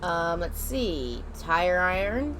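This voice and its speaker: A woman's voice: on the low side, animated, takes it slowly, background noise. A young woman playing a video game and chatting, playful and sarcastic. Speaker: gamer. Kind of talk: let's play commentary.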